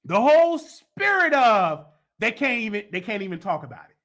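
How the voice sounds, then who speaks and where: A man hosting a gossip commentary show, with a high, sharp and tense voice. He talks in a heated, sarcastic way and mocks the people he discusses. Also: sing-song, normal speed. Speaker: host.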